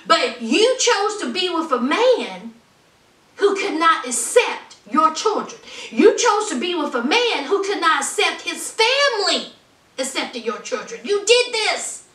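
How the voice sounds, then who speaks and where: Animated ranting woman vlogger, high voice. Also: unhurried, distant mic. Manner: animated, emphatic ranting, calls viewers honey. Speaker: reality TV reviewer vlogger. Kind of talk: casual commentary vlog. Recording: roomy sound from off the mic.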